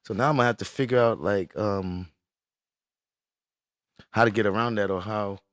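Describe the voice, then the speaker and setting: A low-pitched man talks casually on a live stream, swearing in frustration and greeting people in the chat. His voice sits close to the mic with a dry, unechoing sound. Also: moderate pace, a bit bright, dry recording.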